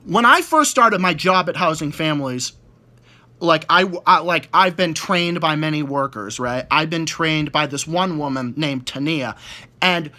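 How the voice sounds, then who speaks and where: A man's voice: a little high, expressive, measured pace, sharp tone. A young man ranting about annoying people at work, exasperated, swearing heavily and stumbling over repeated words. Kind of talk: profane casual rant.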